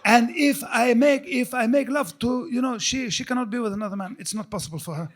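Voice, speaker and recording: A man's voice: extremely high pitch, brisk. A man voicing a vain, boastful young male friend who brags in broken English with a Jordanian accent. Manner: broken English, swaggering bragging.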